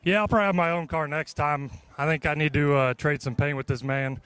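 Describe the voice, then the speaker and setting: A man's voice: fairly high pitch, steady tone, fairly quick, a bit bright, clean tone, no room sound. Breathless, thrilled man just after a race. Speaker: police officer and guest driver. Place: outdoor speedway.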